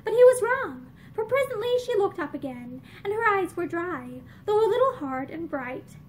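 Expressive young woman reading a novel. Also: extremely high pitch, normal speed, a little hiss or hum. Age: young adult. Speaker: reader.

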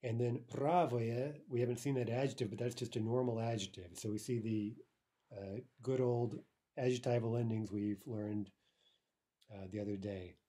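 A man teaching a casual spoken language lesson. He explains in a relaxed way, often checks in with "right?", and slows down to say example phrases. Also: medium pitch. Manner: slows down to pronounce Russian examples.

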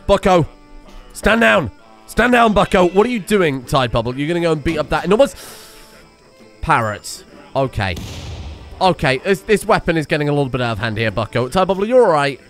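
A man giving excitable, sweary let's play commentary and yelling at the game. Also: mid-range voice. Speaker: game streamer.

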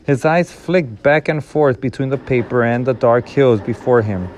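A man reading a novel aloud in a steady, measured storytelling manner. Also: mid-range voice, a little hiss or hum. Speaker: reader.

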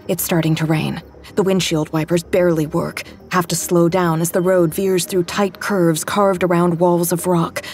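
A woman's voice: lowish voice, a little mellow. A woman giving tense, intimate first-person dramatic narration in an audio drama.

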